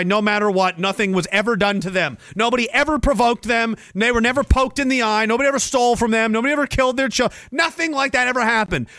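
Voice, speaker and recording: A man hosting a podcast, delivering a sarcastic, profane rant with loud outbursts. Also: very high-pitched, dry recording, studio quality. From Canada. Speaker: podcast host. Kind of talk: angry ranting monologue.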